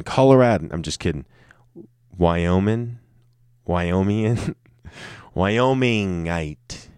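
A man's voice: low-pitched, darkish tone, clean tone, dry recording, clean studio sound. A man talking alone in an offhand, joking way, swearing a lot and tripping over his words. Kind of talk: casual off-the-cuff monologue.

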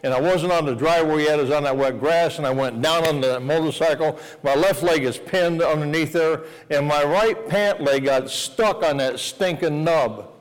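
A man's voice: fairly high pitch, normal speed, few pauses, in a large hall, low-quality recording. A man preaching at a revival meeting, telling a homey story and tagging lines with "amen?". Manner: folksy, storytelling, asks the crowd "amen?". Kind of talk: revival sermon with a personal story.

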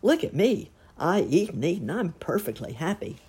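A woman's voice: lowish voice, very animated, moderate pace, a little mellow, slightly rough, voice pushed up, heavily acted. A woman voicing a jolly, greedy fat man who talks boisterously in a storybook reading. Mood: hearty.

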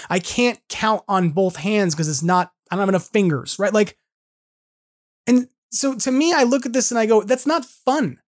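A man's voice: sits high, normal speed. A man in his forties hosting a podcast, delivering an earnest, frustrated solo monologue full of casual fillers. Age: 40s. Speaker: podcast host.

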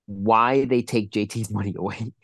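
A man's voice: lowish voice, steady tone, normal speed, fairly bright tone, no room sound, clean studio sound. A man with a stuffy, congested nose, co-hosting a casual movie-review podcast, ranting emphatically and swearing often. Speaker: podcast co-host.

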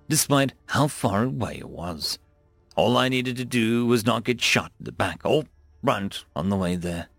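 Man reading a fantasy audiobook, lively first-person telling, gravelly tone. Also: medium pitch, no echo. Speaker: audiobook narrator. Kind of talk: scripted fantasy narration.

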